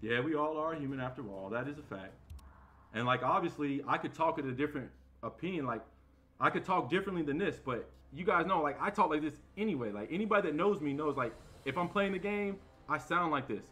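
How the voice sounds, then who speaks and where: A male game streamer and loud talker, ranting in a heated, defensive way while he plays. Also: on the high side, animated, brisk, a little hiss or hum. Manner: heated, defensive, sets the record straight. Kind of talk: live-stream rant while playing.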